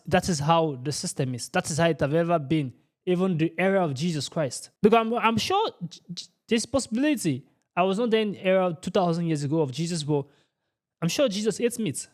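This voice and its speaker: Emphatic ranting man, high voice. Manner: emphatic and repetitive, asks "you understand?". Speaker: reaction channel host. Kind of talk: ranting commentary.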